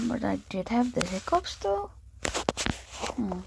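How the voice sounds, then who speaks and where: A woman's voice: fairly high pitch, sing-song, slow pace, gravelly, noisy background. A woman acting out a skit in an exaggerated, whiny, pleading way. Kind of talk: acted skit.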